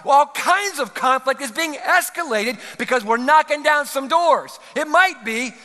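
High-voiced man preaching in a big hall. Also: animated, unhurried, pushed and bright. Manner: earnest, pleading preaching with rising emphatic peaks. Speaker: pastor. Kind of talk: sermon. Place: large church hall. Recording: long hall reverb.

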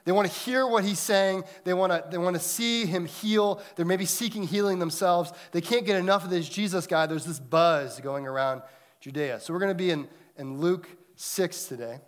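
A pastor in his thirties delivers a sermon in a chatty, storytelling way, often checking in with his listeners. His voice sits a little high for a man, and he swings from bright, raised moments down to hushed, quiet phrases. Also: normal speed. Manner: storytelling, conversational with the congregation; dynamic, swings between loud and hushed.

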